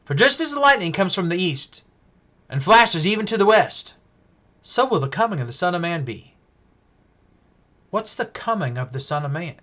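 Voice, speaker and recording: A male preacher giving a Bible-teaching sermon, emphatic and full of rhetorical questions, swinging between loud stresses and hushed asides. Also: sits high, big pitch swings, normal speed, long pauses.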